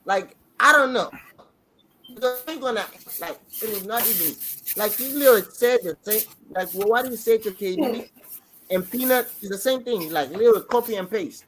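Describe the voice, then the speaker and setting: A man on a podcast excitedly rambling through a show recap, restarting sentences as he goes. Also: high-pitched, moderate pace, background noise. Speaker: podcast co-host. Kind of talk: casual reaction chat.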